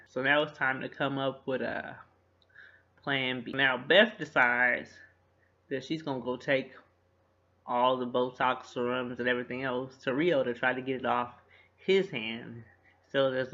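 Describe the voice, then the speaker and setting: A man's voice: mid-range voice, a bit bright. A man casually recapping a TV episode, animatedly retelling scenes and acting out the characters' lines. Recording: dull lo-fi recording.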